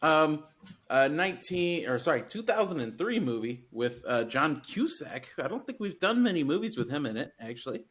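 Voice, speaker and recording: A man's voice: a little high, very animated, normal speed, a bit bright. Hesitant Southern man hosting a podcast. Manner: hesitant, many fillers and restarts. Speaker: podcast host. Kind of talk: casual chat.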